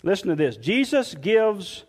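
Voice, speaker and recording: Male pastor, high voice, unhurried sermon delivery, long hall reverb. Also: big pitch swings. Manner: slow, emphatic preaching, dropping soft and low on quoted scripture.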